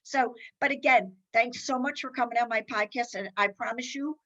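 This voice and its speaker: A woman's voice: fairly high pitch, normal speed, bright, forceful tone, lo-fi sound. A middle-aged woman hosting a podcast in casual conversation. She is chatty and rambling, with many restarts and fillers. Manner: acts out others' lines in quoted voices while telling stories. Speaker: podcast host.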